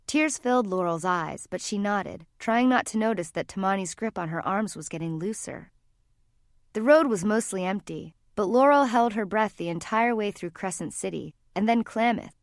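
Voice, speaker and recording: A woman narrating a fantasy novel in an even, measured storytelling voice on a close mic. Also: mid-range voice, no room sound. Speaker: audiobook narrator. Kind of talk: scripted narration.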